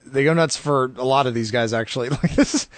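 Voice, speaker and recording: A man co-hosting a podcast, chatting casually through a wrestling match recap, animated and laughing often as he acts out the wrestlers' shouts. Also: mid-range voice, brisk, dry recording. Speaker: podcast co-host.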